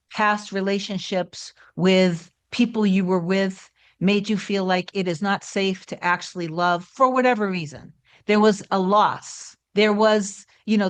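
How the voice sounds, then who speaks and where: A woman giving a casual, reassuring coaching talk straight to her viewers, full of asides and gentle encouragement. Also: medium pitch, smooth. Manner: warm, reassuring, conversational with many asides. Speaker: manifestation coach. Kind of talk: casual coaching monologue to camera.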